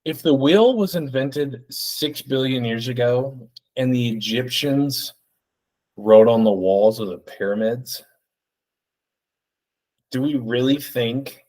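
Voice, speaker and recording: Man doing a smug pseudo-deep podcaster, mock-profound, leading questions, slow drawl. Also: darkish tone, natural voice.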